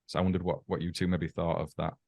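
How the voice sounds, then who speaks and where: A man in casual podcast chat who puts a question and explains it step by step in a measured way. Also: sits low, flat delivery, creaky, darkish tone, dry recording. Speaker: podcast host.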